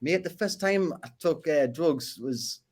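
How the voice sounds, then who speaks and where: A Geordie man from Northeast England joins a podcast as a guest, telling stories in casual interview conversation. His voice is on the high side and slightly mellow, his pace unhurried, and he repeats and restarts words as he goes.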